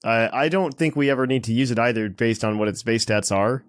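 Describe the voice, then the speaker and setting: Relaxed man hosting a podcast, dry sound. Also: medium pitch, fairly quick, clear, resonant tone, no echo. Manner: relaxed, agreeable, thinks aloud with small restarts. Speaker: podcast host. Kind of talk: casual podcast chat.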